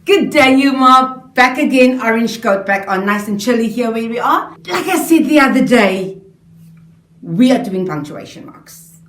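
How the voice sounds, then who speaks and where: A woman teaching a children's lesson, reading her example sentences in an expressive, animated way. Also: a little high.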